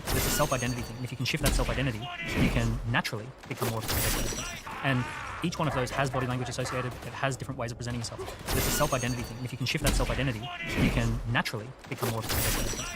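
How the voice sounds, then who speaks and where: Guy with a middle voice, talks fast, noisy recording. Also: medium pitch, steady tone. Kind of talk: conversational explanation.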